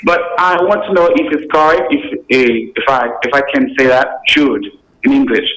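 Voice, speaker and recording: A man calling in to ask an English teacher a question, speaking haltingly in learner's English. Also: medium pitch, fairly bright tone. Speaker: caller. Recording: echoey phone line with faint noise.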